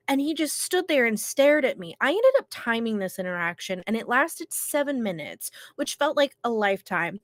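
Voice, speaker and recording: A woman's voice: on the high side, fairly bright tone, no room sound. A woman co-hosting a casual podcast, telling a story with lots of animation and casual swearing, her voice congested from illness. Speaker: co-host.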